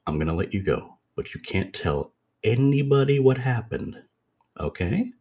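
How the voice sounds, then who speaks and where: A man voicing a calm sinister psychologist. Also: mid-range voice, moderate pace, breathy edge, pitched above the performer's own voice. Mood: reassuring.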